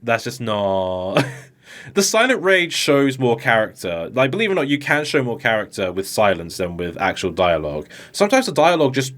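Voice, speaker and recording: A man's voice: medium pitch, very animated, moderate pace, fairly bright tone. A man giving unscripted comedic commentary, swearing and mocking, often putting on voices to act out quoted lines. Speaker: YouTube commentator.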